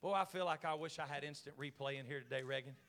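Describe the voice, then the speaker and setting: A man pastor preaching a sermon, swinging from quiet talk to shouted calls to the congregation. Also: on the high side, quick pace, long reverb tail, slight background noise. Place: church sanctuary.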